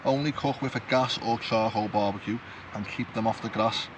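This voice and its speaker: A man's voice: on the low side, steady tone, moderate pace. A man vlogging at a campsite, chatty and rambling, poking fun at himself. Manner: rambling, chatty, self-mocking. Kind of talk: casual chat to camera. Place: campsite outdoors. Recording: outdoor noise, passing traffic.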